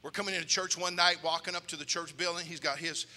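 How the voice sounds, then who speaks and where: A male pastor telling a story in a sermon, animated, acting out voices and shouting at times. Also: fairly high pitch, quick pace. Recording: long reverb of a church hall.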